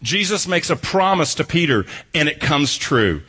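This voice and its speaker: A man's voice: fairly high pitch, big pitch swings, normal speed, pushed and bright, breathy edge. A man preaching an expository sermon who reads a scripture passage and then explains it, driving his points home through emphatic repetition. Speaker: pastor.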